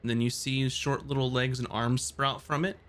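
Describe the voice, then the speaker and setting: A man narrating as game master of a tabletop game, describing scenes in a relaxed, rambling way with many fillers. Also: mid-range voice, normal speed.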